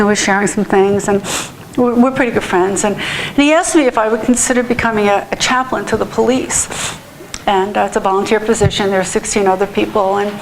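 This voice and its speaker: A woman's voice: medium pitch, a little hiss or hum, poor audio. A woman pastor giving a heartfelt, earnest sermon in a church, often restarting her sentences.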